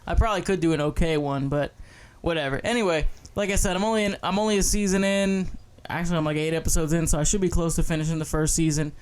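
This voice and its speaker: A man's voice: a little high, steady tone, fast talker, few pauses, clear, resonant tone. A young man co-hosting a podcast in casual chat, loose and profane, rambling with restarts. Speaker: podcast co-host.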